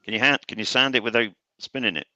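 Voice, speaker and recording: A man's voice: medium pitch, fast, bright, forceful tone, no echo, muffled recording. A man on a headset mic in casual, teasing banter during a woodturning stream. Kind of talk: casual chat.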